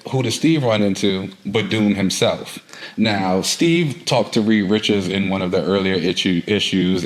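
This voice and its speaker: A man's voice: fairly low pitch, rough recording. A man co-hosting a podcast, casually recapping a comic book and filling his retelling with "like.". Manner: rambling storyteller, heavy use of "like". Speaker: podcast co-host.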